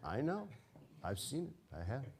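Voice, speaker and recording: A man voicing an old, wise chimpanzee who speaks in a hushed, world-weary way. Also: mid-range voice, huge pitch swings, unhurried, slightly rough, a faint crowd, heavily acted.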